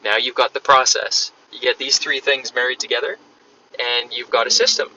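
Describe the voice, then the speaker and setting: A man's voice: medium pitch, fairly even intonation, normal speed, sharp tone. A man hosting a podcast, explaining ideas in a casual, conversational way while on the road. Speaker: podcast host. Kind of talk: casual solo podcast talk. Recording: distant, dull lo-fi sound with faint noise.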